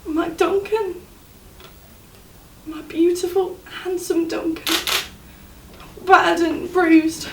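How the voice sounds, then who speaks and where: An actress playing a young woman grieving for her injured fiancé, speaking in a halting, tearful stage monologue. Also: very high voice, fairly even intonation, gravelly, full character voice. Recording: roomy, distant mic, faint noise.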